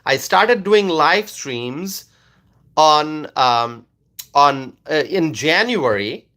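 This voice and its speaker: A man's voice: on the high side, lively intonation, extremely slow, bright, forceful tone. A man doing live-stream political commentary into his phone, repeating his points emphatically and asking rhetorical questions.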